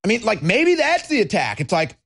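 A man's voice: high voice, wildly swooping pitch, brisk, creaky, fairly bright tone. A man hosting a political talk show, ranting in a combative, mocking way and swearing freely. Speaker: political commentary host. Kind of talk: angry political rant.

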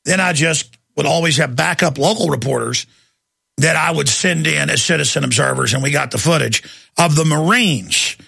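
A man's voice: on the high side, normal speed, creaky, bright, forceful tone, slightly rough, dry recording, clean studio sound. A man hosting a talk radio show, talking intensely and emphatically in a long monologue.

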